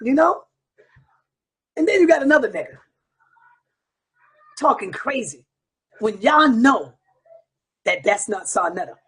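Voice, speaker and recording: A man's voice: extremely high pitch, very animated, unhurried, pauses often, a bit bright, husky. A man hosting an online show, delivering a heated, profane monologue straight to his viewers. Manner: profane, combative, preaching to viewers.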